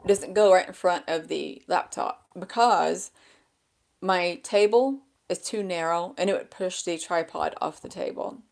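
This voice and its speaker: Woman vlogger with a crackly, gravelly fry, chatting aimlessly and poking fun at herself, seated at home. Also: lowish voice. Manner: rambling and self-deprecating, loses her train of thought. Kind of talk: casual chat to camera. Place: indoors at a table with a laptop. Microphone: small handheld microphone.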